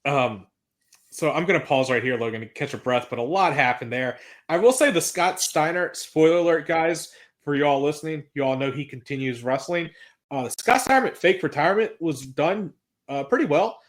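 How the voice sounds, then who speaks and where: A man with a slightly high voice chats through a wrestling recap in a loose, excitable way. He swears freely and reads out promo lines as he goes. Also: normal speed. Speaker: podcast co-host recapping wrestling. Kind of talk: casual recap chat.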